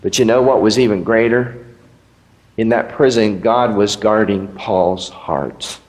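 A man preaching a sermon as pastor, animated, with rising emphasis and rhetorical questions. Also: fairly low pitch, measured pace. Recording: echoey hall.

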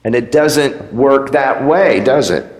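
A man's voice: medium pitch, slow. A man preaching a sermon as pastor, in a conversational way with rhetorical questions. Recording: echoey hall with long reverb.

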